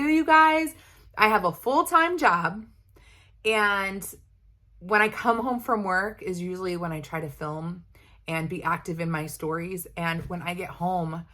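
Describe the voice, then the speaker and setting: A woman's voice: fairly low pitch, a bit bright. A young woman vlogging in a candid, chatty way, talking straight to her viewers and rambling a little with fillers. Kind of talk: casual chat.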